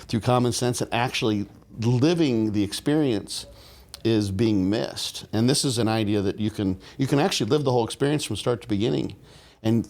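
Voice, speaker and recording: A man's voice: lowish voice, a little mellow. A man talking as a guest on a podcast in a loose, rambling way, with many restarts and fillers and a laugh now and then. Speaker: podcast guest, bodybuilding coach. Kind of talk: casual podcast conversation.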